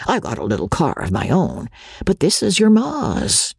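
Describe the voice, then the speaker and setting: A woman's voice: deep voice, wildly swooping pitch, moderate pace, creaky, a little mellow, husky, no room sound, studio quality, voice pushed up, exaggerated voice. A woman voicing a hesitant, polite middle-aged small-town man in an audiobook, stammering over his words. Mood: deferential. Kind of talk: audiobook character voice.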